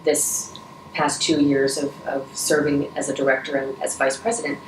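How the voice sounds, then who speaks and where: A woman's voice: a bass voice, flat delivery, moderate pace. A middle-aged woman answering interview questions, earnest and emotional, with many restarts and moments where she chokes up. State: choked up at times. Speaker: interview guest, Rotary vice president. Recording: echoey room, from a distance, faint noise.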